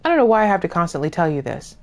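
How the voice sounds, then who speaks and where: A woman's voice: lowish voice, sing-song, very fast. A woman streamer giving casual let's-play commentary, jokingly scolding the enemies and characters on screen. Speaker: gaming streamer.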